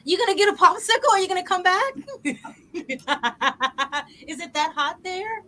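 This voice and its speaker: High, bright-voiced gushing woman host. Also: a little slow, poor audio. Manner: gushing, laughing, filler-heavy questions. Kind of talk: casual live-stream interview.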